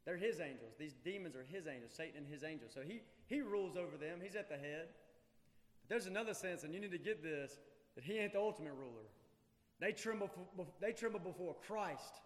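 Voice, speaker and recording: High-voiced man preaching in a reverberant church. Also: animated, brisk. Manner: emphatic, swings between loud urgency and hushed intensity. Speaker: pastor. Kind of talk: sermon. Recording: long hall reverb.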